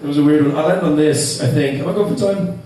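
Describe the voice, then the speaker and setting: A man's voice: fairly high pitch, quick pace, dark tone, far from the mic. A man in his twenties from Ireland with a Dublin accent, doing a sweary, self-mocking stand-up set and laughing through his lines. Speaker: stand-up comedian. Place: comedy club stage. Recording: echoey club, mic from afar. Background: audience laughter.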